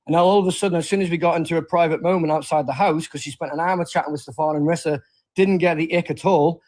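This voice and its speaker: A man on a casual group call tells his side of events in a heated, defensive way. His voice sits a little high. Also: darkish tone, low-quality recording. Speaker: livestream participant.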